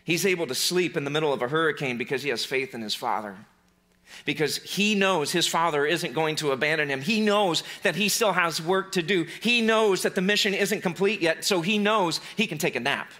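A male pastor preaching a sermon in a conversational way, with playful asides and animated re-enactments of scenes. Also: on the high side, brisk.

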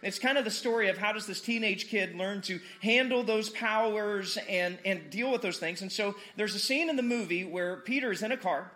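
A man's voice: high voice, moderate pace, few pauses, sharp tone. A man preaching a casual, conversational sermon, joking with the congregation and repeating words for emphasis. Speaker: pastor.

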